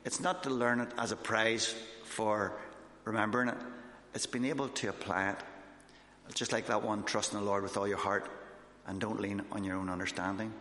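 A man's voice: fairly low pitch, fairly even intonation, moderate pace, bright, forceful tone. A man, a missionary, giving an informal sermon with his own testimony, talking conversationally with fillers and restarts. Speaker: missionary preacher. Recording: echoey hall.

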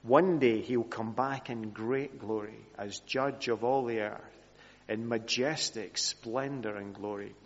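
A man preaching a sermon in an earnest voice that sinks softly at the ends of his phrases. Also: mid-range voice. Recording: reverberant hall, dull lo-fi sound.

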